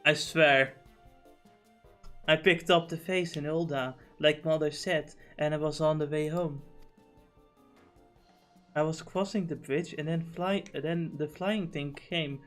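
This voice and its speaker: Brief: frightened young girl, read by a male streamer, soft and hushed. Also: a little high, fairly even intonation, slow, pauses often, faint music behind. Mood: timid. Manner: soft, timid.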